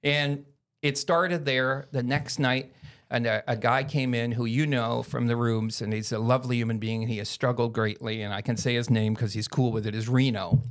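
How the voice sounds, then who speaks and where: A man's voice: medium pitch, fairly even intonation, moderate pace. A man from Canada, a podcast guest telling a story in casual chat, blunt and profane, and acting out the people he quotes.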